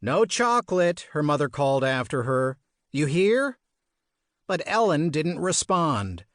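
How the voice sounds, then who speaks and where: A male audiobook narrator telling the story in a measured, expressive way. His pace is unhurried, his pitch moves animatedly across phrases, and the recording is dry and close. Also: no room sound. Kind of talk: scripted narration.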